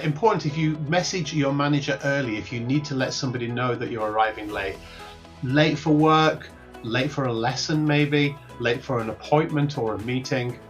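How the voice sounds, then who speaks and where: A man teaching workplace English, explaining each phrase clearly and repeating the examples slowly. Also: medium pitch, a bit bright. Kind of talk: recorded English lesson.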